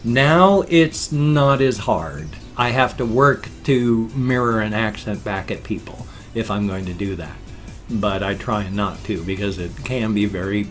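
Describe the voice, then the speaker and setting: Chatty man in his fifties, rambling. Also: on the low side. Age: 50s. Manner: chatty, self-interrupting, musing. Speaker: vlogger. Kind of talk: casual rambling vlog.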